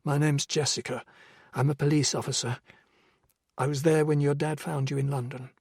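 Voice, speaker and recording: A man voicing a frightened young woman police officer held captive, speaking in a hushed, strained way. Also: a little high, little pitch movement, moderate pace, slightly rough, dry recording, clean studio sound.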